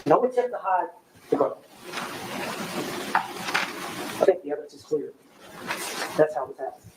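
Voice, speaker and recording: A middle-aged man delivers a courtroom closing argument in a slightly raised, conversational voice, and he repeats his key phrases to drive them home. His voice rings through a reverberant courtroom, and a clear layer of room noise sits behind it. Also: a little high, big pitch swings, normal speed. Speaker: defense attorney. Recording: echoey courtroom audio with background noise.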